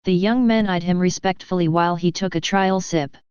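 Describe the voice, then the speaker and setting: A woman reads an audiobook in a measured, steady narration. Her voice is low, with very crisp articulation. The recording is dry and a little muffled. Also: no room sound. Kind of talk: scripted narration.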